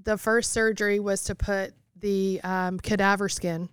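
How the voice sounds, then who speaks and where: A woman's voice: medium pitch, little pitch movement, measured pace, smooth, dry recording, studio quality. A woman as a podcast guest, recounting a painful personal experience in a matter-of-fact way. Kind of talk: personal interview.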